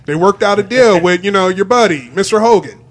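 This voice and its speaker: In a casual comedy chat, a high-pitched man pitches a joke a little fast. He is expressive and playful, using a mock-serious tone.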